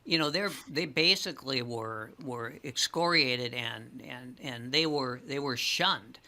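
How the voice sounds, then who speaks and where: A man with a strikingly bright, forceful tone spins a rambling story as a talk-show guest. He restarts his sentences often and grows animated as he goes. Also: mid-range voice, measured pace, creaky. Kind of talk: casual chat, storytelling.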